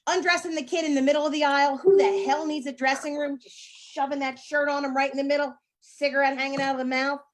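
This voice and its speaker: A woman comedian with a high voice delivers a brash stand-up set. Her crude punchlines come in a chatty storyteller's rhythm.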